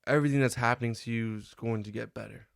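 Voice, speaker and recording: A young man vlogging a personal reflection, talking in a halting, earnest way with many restarts and fillers. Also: medium pitch, steady tone, creaky, clean tone, no echo, clean studio sound.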